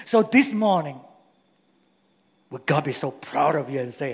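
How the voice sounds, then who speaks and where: A pastor preaches a sermon in a church hall, emphatic and packed with rhetorical questions. His voice sits on the high side, animated but a little slow, with vocal fry and frequent pauses. The recording has a long hall reverb and a dull, lo-fi quality.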